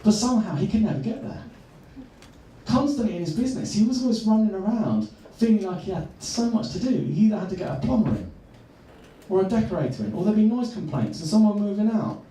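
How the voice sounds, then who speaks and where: A man, a coach, telling a personal story earnestly and slowing down for emphasis. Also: sits high, big pitch swings, mellow. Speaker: transformational coach. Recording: echoey room, far from mic.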